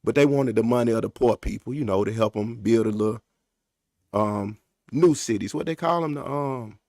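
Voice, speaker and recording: A man's voice: mid-range voice, moderate pace, darkish tone, no room sound, studio quality. A man hosting a casual, unscripted podcast, rambling in loose slang with lots of fillers and asides. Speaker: podcast host.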